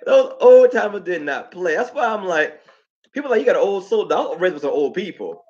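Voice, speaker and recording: Animated man telling stories, lo-fi sound. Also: sits high, a little fast. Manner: animated storytelling, repeats phrases. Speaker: host. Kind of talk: casual livestream talk.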